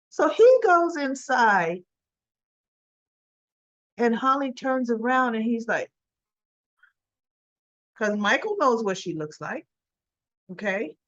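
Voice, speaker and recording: A woman's voice: high voice, slow, a bit bright, muffled recording. A woman giving a chatty, casual daily recap of a soap opera episode. She laughs often and acts out the characters' lines.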